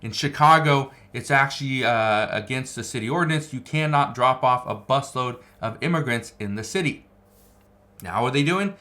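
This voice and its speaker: A man's voice: medium pitch, moderate pace, pushed and bright. A man giving political news commentary, reading out articles and stressing his points by repeating phrases. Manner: emphatic, repeats key phrases.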